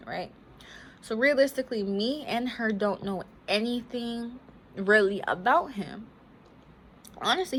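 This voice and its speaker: Animated young woman telling a storytime. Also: mid-range voice, a little hiss or hum. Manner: animated, quotes herself and others in conversation. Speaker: vlogger. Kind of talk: casual storytime vlog.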